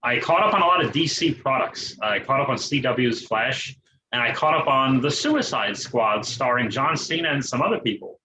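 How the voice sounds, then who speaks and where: A man co-hosting a comedy podcast, with a bright, forward voice and a dry, wry way of joking. A faint hiss of noise sits under his recording. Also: mid-range voice, lively intonation, normal speed, low-quality recording. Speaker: podcast co-host. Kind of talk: casual comedic chat.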